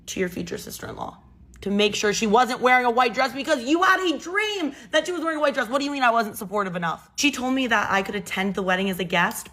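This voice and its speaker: A woman's voice: mid-range voice, a bit bright. Young woman, casual storytime, chatty, emphatic, fed-up tone.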